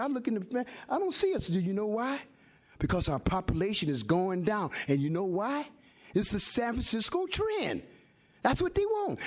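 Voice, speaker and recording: An older man and community activist giving fiery public comment at a city hearing, emphatic and rhyming like a preacher. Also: sits high. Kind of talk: impassioned public testimony.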